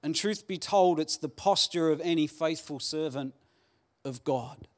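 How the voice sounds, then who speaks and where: A man preaching a Sunday sermon, earnest and pleading, with dramatic pauses. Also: a little high. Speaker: pastor. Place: church hall.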